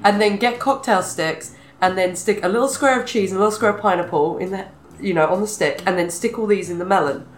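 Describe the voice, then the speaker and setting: A middle-aged British woman chatting casually as a podcast co-host, animated and self-deprecating, laughing often. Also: medium pitch, quick pace, a little hiss or hum. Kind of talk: casual chat. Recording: roomy echo with faint music.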